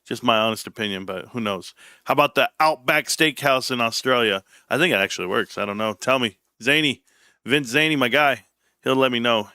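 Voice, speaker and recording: Man, streamer host, casual rambling commentary, irreverent jokes, bright, dry close sound. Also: mid-range voice, brisk, dry recording. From United States. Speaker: livestream host.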